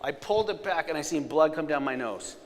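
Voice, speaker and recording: A man giving a live storytelling safety presentation, energetic, with loud punchlines and quiet, serious asides. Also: a little high, a little fast. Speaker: safety speaker. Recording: long hall reverb.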